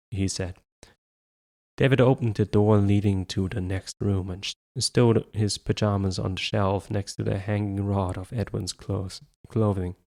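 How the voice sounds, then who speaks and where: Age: adult. Sex: man. Style: low-voiced amateur audiobook narrator. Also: a little mellow. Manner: stumbles and restarts words, self-corrects. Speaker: audiobook reader.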